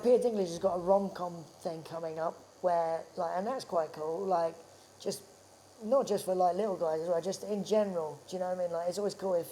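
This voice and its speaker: A man's voice: sits high, dark tone, a little hiss or hum. A man with an English accent, an actor guest in a casual chat in a tattoo studio, talking loosely with many "like"s and "do you know what I mean".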